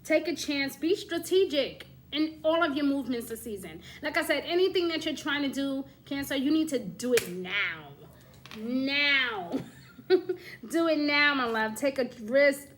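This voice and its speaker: A woman giving a casual astrology reading to camera, coaxing and lively, often checking in with her listener and laughing between points. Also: high-pitched, unhurried, slight background noise. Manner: coaxing, keeps saying "my love" and "okay?". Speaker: astrology reader.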